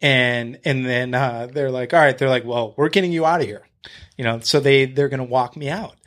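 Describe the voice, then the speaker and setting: A man appears as a podcast guest, retelling a confrontation in casual chat, blunt and profane, talking to the host with fillers and restarts. His voice is medium-pitched and a bit bright, at a moderate pace.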